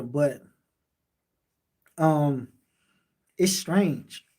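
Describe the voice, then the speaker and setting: A man's voice: on the high side, warm tone. A man with a Miami accent, casually chatting on a late-night livestream and answering viewer comments in a laid-back, rambling way. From Miami, Florida. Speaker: livestream host reading chat.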